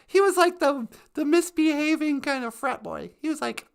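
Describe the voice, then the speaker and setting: A woman's voice: high-pitched, lively intonation, normal speed, creaky, hardly any pauses. A woman hosting a casual comedic live stream, playful and giggly.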